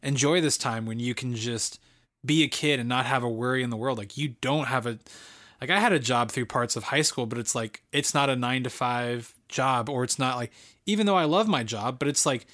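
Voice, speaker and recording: A man's voice: mid-range voice, a bit bright. A man in his late twenties co-hosting a podcast, chatting casually about a movie in a rambling, enthusiastic way with lots of fillers. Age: late 20s. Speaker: podcast co-host. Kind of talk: casual film review chat.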